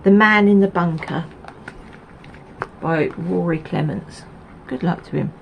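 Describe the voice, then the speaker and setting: A woman's voice: fairly low pitch, slow pace, gravelly, muffled recording, a little hiss or hum. A woman from Essex, hosting a knitting video podcast in a rambling, chatty way with many ums and asides. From Essex, England. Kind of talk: casual chat to camera.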